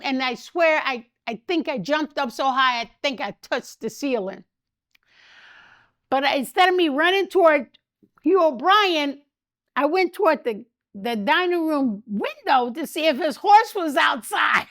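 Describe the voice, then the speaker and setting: Older woman telling lively stories. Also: sits high, measured pace, dry recording, studio quality. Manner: animated anecdotes, laughs often, acts out quotes. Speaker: interview guest. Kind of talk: storytelling interview.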